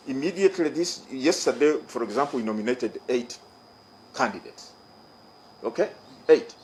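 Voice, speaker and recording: A middle-aged man with a Ugandan English accent delivers an official statement to reporters. His voice sits at an ordinary pitch and he speaks in a measured, formal way, stressing his points by saying them again. A faint hiss runs underneath. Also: expressive, a little mellow, rough recording. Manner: formal, emphatic, repeats key phrases. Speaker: electoral commission chairman. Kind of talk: press conference statement.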